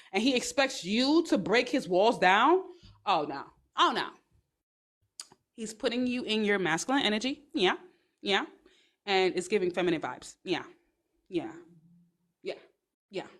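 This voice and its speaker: A woman hosts a live stream from her phone, chatting straight to her viewers. Her voice sits a little on the high side, and her talk is sassy and full of slang. She rambles from one point to the next. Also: animated, normal speed. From Brooklyn, New York. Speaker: livestream host.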